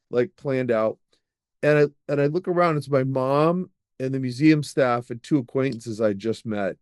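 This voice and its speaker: A middle-aged man, a podcast guest, telling long personal stories in a lively, rambling way, with many fillers and restarts. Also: mid-range voice, normal speed, no echo, studio quality. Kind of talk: storytelling in an interview.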